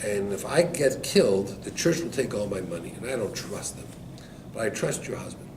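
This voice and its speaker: A guy doing a scared jail guard, low and quiet, far from the mic. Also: expressive, normal speed. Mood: worried. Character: frightened male jail guard pleading for trust. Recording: echoey room, distant mic, background noise.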